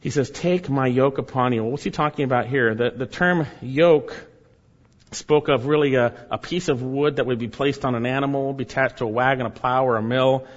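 A man preaching a sermon, emphatic, repeating key phrases and swinging between loud and soft delivery. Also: mid-range voice, brisk. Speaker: pastor. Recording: dull sound with long hall reverb.

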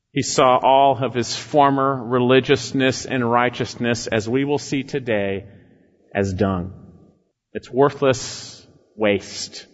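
A man preaching an expository sermon, emphatic, rising on key phrases and sinking low and slow at the end of a thought. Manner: emphatic, swells in pitch and volume on key phrases, drops low and slow at line ends. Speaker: pastor. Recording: muffled sound with long hall reverb.

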